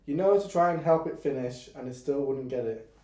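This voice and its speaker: A man's voice: medium pitch, brisk, warm tone, roomy sound. A man co-hosting a podcast, bantering casually in a blunt, jokey way with plenty of swearing. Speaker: podcast co-host.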